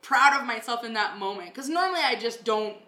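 A woman who runs a renovation company, telling a story in a casual chat with lively energy and plenty of swearing. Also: a little high, a little fast. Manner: animated, swears freely. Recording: echoey room.

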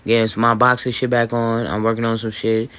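A man hosting a podcast, talking in a loose, boastful monologue full of fillers, restarts and swearing, with hiccups and throat clearing. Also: medium pitch, completely flat delivery, brisk, fairly bright tone. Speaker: podcast host. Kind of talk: rambling casual monologue. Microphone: voice message recording.

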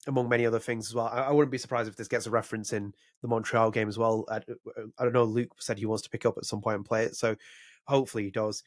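Fast-talking opinionated podcaster. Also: male voice, fairly low pitch, level tone, no echo, clean studio sound. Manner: rambling, opinionated, frequent restarts. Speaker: podcast co-host. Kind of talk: casual podcast chat.

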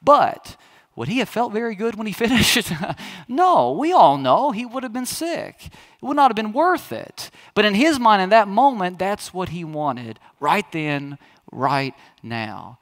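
A man's voice: sits high, sing-song, a little slow, fairly bright tone. A man in his thirties, a pastor preaching a sermon in a chatty, storytelling way that speaks straight to the congregation.

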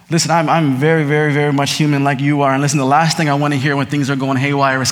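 A man preaching a sermon, moving between hushed scripture reading and excited, laughing storytelling. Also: fairly high pitch, fast, hardly any pauses, long reverb tail. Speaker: pastor.

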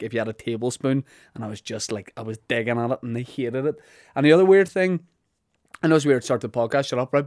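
A man's voice: medium pitch, darkish tone, dry recording, clean studio sound. A Northern Irish man hosting a podcast, telling rambling, self-deprecating comic stories. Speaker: podcast host. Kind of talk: comic monologue.

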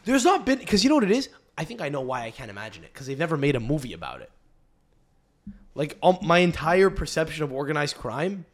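A man's voice: a little high, fairly bright tone. A man hosting a casual podcast, rambling and swearing freely, with frequent restarts. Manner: rambling, profane, restarts often. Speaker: podcast host.

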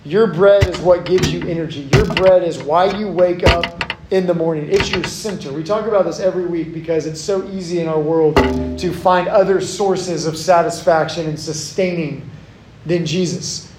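A young male youth pastor delivers a sermon in a conversational, relatable way and leans on personal stories. His voice sits high for a man. The sound rings with the echo of a large hall. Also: moderate pace, noisy background. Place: church hall. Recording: echoey hall.

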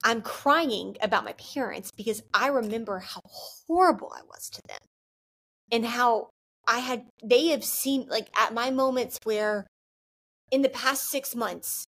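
A woman's voice: fairly high pitch, a little slow, a bit bright. Earnest young woman sharing her faith. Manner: earnest, candid, filler-heavy with frequent "like". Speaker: Christian vlogger. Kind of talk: heartfelt faith talk to camera.

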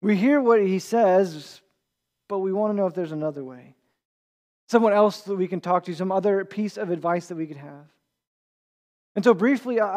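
A pastor with a high, mellow voice preaches an earnest sermon in a conversational way. Now and then he stumbles, restarting or repeating a word while he gathers his thought.

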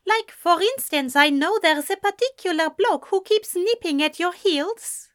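A woman reading an audiobook, voicing a cheerful young female shop worker with a Spanish accent and a bright, teasing manner. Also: very high voice, animated, unhurried, voice pushed up, full character voice. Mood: friendly teasing.

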